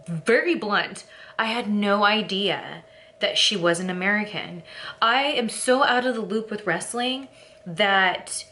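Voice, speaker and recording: A woman's voice: medium pitch, bright, forceful tone, a little hiss or hum. A young woman from California chatting casually to camera as a vlogger, rambling and candid, with lots of fillers and laughing at herself.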